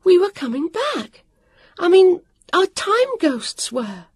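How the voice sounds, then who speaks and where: A reader doing a high anxious girl. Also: very animated, slow, full character voice. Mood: alarmed. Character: excitable girl traveling through time.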